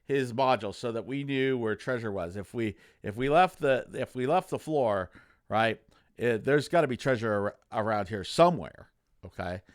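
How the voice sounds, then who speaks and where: A middle-aged man giving casual advice as a game master, rambling, repeating himself and tagging his points with a quick "okay?". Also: medium pitch, lively intonation, dry recording, clean studio sound.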